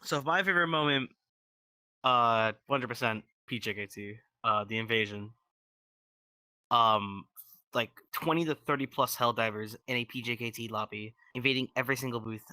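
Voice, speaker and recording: A man's voice: mid-range voice, normal speed, sharp tone, clean tone, no room sound. A man chatting eagerly as a podcast guest, rambling with frequent ums. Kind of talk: casual chat.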